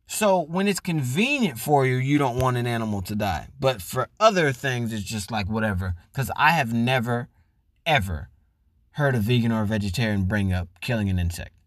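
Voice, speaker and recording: A man's voice: mid-range voice, lively intonation, normal speed, no room sound. A man hosting a podcast, delivering a profane, mocking comedic rant and acting out the people he mocks. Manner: loud, profane, mocking, acts out voices. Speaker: podcast host.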